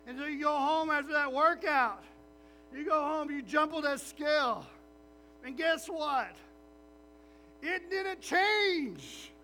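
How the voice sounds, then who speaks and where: A man preaching a sermon as a pastor, animated and acting out little voices of his listeners. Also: extremely high pitch, measured pace, slight background noise, poor audio.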